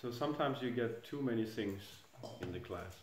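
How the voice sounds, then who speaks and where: A man's voice: medium pitch, animated, normal speed, noisy background. A middle-aged man giving an informal scripture class in a temple hall, speaking hesitantly and chuckling at his own jokes. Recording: echoey room.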